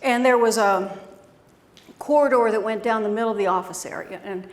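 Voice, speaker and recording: A middle-aged woman giving a keynote talk, telling stories in a conversational, animated way. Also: mid-range voice, a little fast. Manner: conversational, animated storytelling with acted quotes. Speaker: keynote speaker. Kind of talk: storytelling keynote speech. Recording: echoey room.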